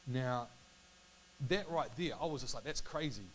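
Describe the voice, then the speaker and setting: A man talks through a Bible passage in a relaxed, personal way. He trips over his words, restarts, and apologizes as he goes. A faint electrical hum and hiss sit under the voice. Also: medium pitch, low-quality recording. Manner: halting, self-correcting, apologetic. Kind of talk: casual Bible reading and reflection.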